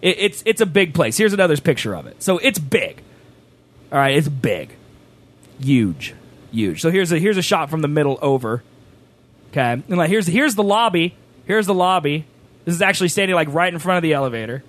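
A man telling a rambling story on a stream, animated, sometimes rising to a shout. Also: fairly high pitch, a little fast. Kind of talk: casual storytelling chat.

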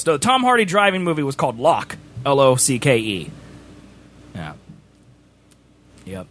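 A man's voice: medium pitch, measured pace, pauses often. A man hosting a stream, chatting casually and teasing his friend, talking over him. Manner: animated, teasing, talks over others. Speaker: streamer host. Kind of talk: casual chat.

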